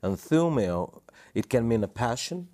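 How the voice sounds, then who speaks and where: A man's voice: mid-range voice, sing-song, a little slow, warm tone. A man studying Greek who answers questions hesitantly, searching for the right word. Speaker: student of Greek.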